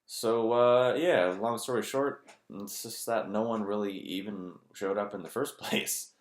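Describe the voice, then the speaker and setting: Deep-voiced man, blunt and profane. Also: steady tone, a little slow. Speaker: vlogger. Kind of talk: candid personal monologue. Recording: roomy echo.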